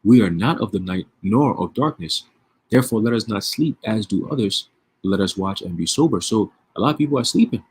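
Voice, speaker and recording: A man's voice: lowish voice, lively intonation, fairly quick, darkish tone, breathy edge. A man giving casual, profane religious commentary, streetwise and emphatic, with frequent rhetorical questions. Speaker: online preacher.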